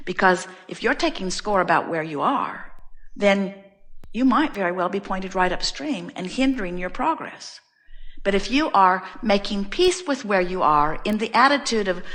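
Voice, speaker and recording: A woman delivers a spiritual teaching talk in a bright, clear voice, leaning hard on repeated phrases. She tells her stories with lively emphasis, as an inspirational speaker addressing a crowd. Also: medium pitch, moderate pace. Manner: animated storyteller acting out everyday scenes.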